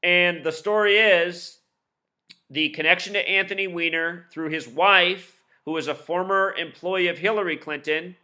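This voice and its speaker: A man explaining his theories in a solo video, rattling off numbers quickly and insistently, with scornful asides. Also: high-pitched, fairly even intonation, sharp tone. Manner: rapid-fire, insistent, admits talking too fast; lists numbers and codes in rapid bursts. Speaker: video commentator.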